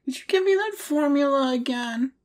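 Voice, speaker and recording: A woman's voice: high voice, expressive, moderate pace, a little mellow. A woman performing a scripted audio role-play, talking in a pouty, whiny, protesting way.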